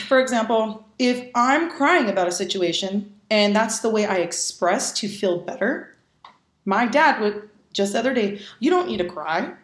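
A woman's voice: on the high side, expressive, unhurried, roomy sound. A woman talking candidly in a casual podcast conversation, speaking emphatically and swearing bluntly as she makes her points. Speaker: podcast guest.

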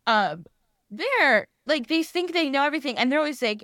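A woman's voice: high voice, animated, normal speed, fairly bright tone, no echo, clean studio sound. A woman hosting a podcast, chatting casually, rambling and laughing often as she acts out other people's voices. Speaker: podcast host. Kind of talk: casual chat.

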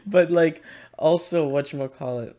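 A man's voice: a little high, normal speed, dark tone. A young man co-hosting a podcast, telling stories in casual chat and laughing often. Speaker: podcast co-host.

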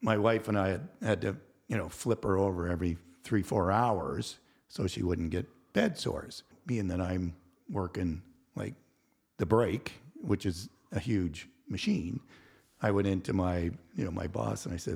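A man's voice: low voice, normal speed, gravelly, slightly rough. A man in his sixties, a podcast guest, telling a work story in casual chat, acting out the people he quotes and swearing freely. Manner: animated storyteller who acts out quotes, laughs and swears.

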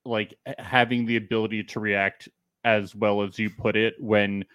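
A man's voice: fairly low pitch, normal speed, clear, resonant tone, no room sound. A man co-hosting a casual podcast, recapping a show and mimicking the people in it. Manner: animated, mimics people with exaggerated voices. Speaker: podcast co-host.

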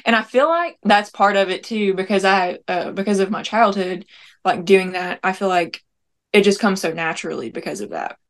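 A woman's voice: mid-range voice, expressive, normal speed, fairly bright tone. Chatty young woman, filler-heavy. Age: young adult. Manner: rambling, many "like" fillers. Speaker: guest, prank-call comedian. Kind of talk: casual interview chat.

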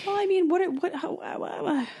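A woman co-hosting a podcast, trading crude, teasing jokes and quick quips in casual banter. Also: very high voice, warm tone. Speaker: podcast co-host.

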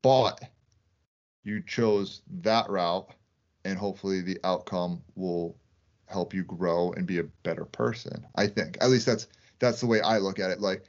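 A man's voice: sits low, lo-fi sound. A man co-hosting a podcast, thinking aloud in casual conversation and often checking in with "right?". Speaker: podcast co-host.

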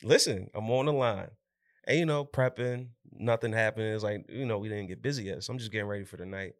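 A man co-hosting a podcast, telling stories in an animated, slangy way and acting out quotes. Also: on the low side, a little fast, dry recording, clean studio sound. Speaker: podcast co-host. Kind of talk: casual chat.

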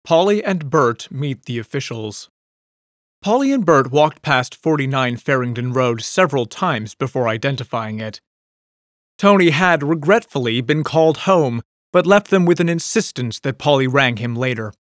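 A man's voice: mid-range voice, dry recording. Man narrating a storybook, dry sound. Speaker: audiobook narrator. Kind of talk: scripted narration.

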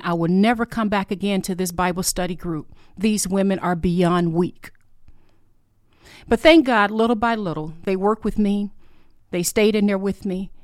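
A middle-aged woman speaks close to the mic in a dry, dead room, sharing a personal faith testimony. Her voice is earnest and heartfelt, at times emotional, with a mid-range pitch. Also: a little mellow, no echo. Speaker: podcast host.

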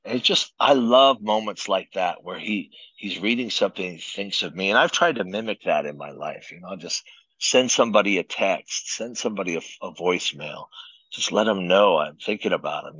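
A man, a pastor, relaxed and anecdotal, telling stories as a guest in an interview. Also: low-pitched, normal speed, husky, dry recording. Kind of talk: casual storytelling in an interview. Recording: dull lo-fi sound.

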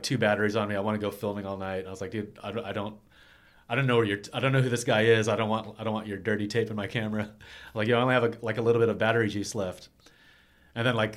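A man's voice: on the low side, a bit bright. A man, a skateboarder being interviewed, telling loose, rambling stories in casual chat with lots of filler words. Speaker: skateboarder guest.

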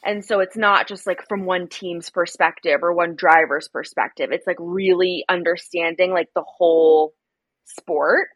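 A woman's voice: fairly low pitch, unhurried, slightly rough, no echo. Chatty young American woman, dry sound. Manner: chatty storyteller, acts out quotes in animated voices. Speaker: podcast guest. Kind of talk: casual chat.

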